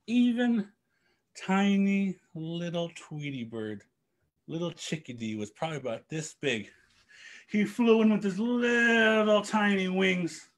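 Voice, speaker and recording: A man telling a traditional story to young people, animated, with spoken sound effects. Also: high voice.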